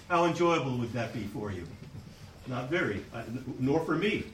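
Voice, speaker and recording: A man's voice: medium pitch, expressive, normal speed, slight background noise, low-quality recording. A man preaching a sermon to a congregation, reading scripture aloud and explaining it with earnest restarts. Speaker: pastor.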